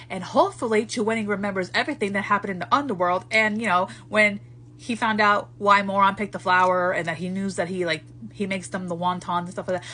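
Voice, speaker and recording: A woman's voice: mid-range voice, slightly rough. A woman giving a casual book talk, ranting with lots of swearing as she reviews a novel. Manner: profane, animated ranting.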